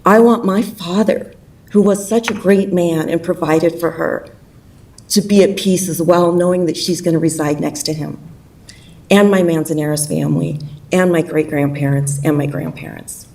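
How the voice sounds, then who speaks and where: A woman's voice: low-pitched, steady tone, moderate pace, gravelly, mellow, distant mic, poor audio. A woman giving an unprepared public comment to a city council, nervous and emotional, speaking from the heart. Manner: heartfelt, pleading.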